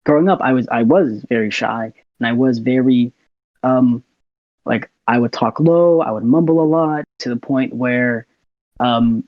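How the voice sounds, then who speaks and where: Relaxed and unhurried, this young US man talks casually as a guest on a podcast, with the occasional laugh. His voice is mid-range, and the lo-fi recording is dull and dry with no echo.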